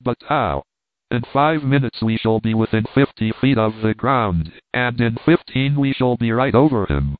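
Man reading storybook part of a calm doctor, measured, thin phone-like dry sound. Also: mid-range voice, no room sound, natural voice. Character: calm learned doctor, balloon captain.

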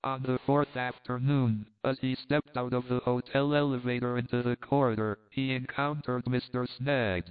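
Male audiobook reader, measured and even, smooth resonant voice, phone-thin lo-fi recording. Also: medium pitch. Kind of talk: scripted narration. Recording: tinny phone-like sound.

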